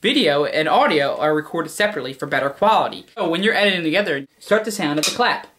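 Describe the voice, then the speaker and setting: A man hosting a comedy video, explaining things in a brisk, offhand way. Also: fairly high pitch, expressive, a bit bright. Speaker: video host.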